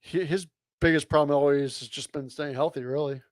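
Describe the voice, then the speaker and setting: A man's voice: on the high side, fairly even intonation, fairly quick, no echo, studio quality. A man hosting a casual chat, steering it with questions to the others. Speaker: host. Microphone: video call.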